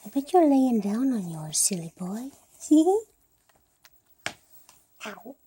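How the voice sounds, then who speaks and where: A woman's voice: a little high, big pitch swings, slow, warm tone, slight background noise. A woman at home filming her cats and talking to them in cooing baby talk, often dropping to a whisper, recorded on a handheld camera. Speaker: cat owner filming her pets. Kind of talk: casual talk to pets.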